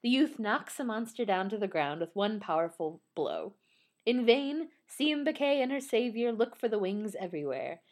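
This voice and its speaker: A woman's voice: mid-range voice, animated, normal speed. A woman in casual chat who reads a ballet synopsis aloud, often laughing and stumbling over unfamiliar names. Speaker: podcast co-host.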